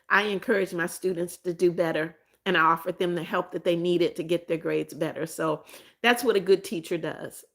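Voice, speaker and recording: Low-voiced woman hosting a live chat. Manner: chatty, repeats greetings, frequent restarts and "um". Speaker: live-stream host and former teacher. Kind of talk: casual live-stream chat, reading out viewer comments.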